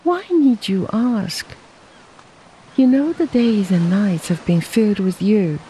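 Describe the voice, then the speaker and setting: Brief: gentle young woman, soft and loving, raised pitch, as a reader puts her on; storybook reading. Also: takes it slowly, slight background noise, natural voice, poor audio. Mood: tender. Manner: soft, tender. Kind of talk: audiobook dialogue reading.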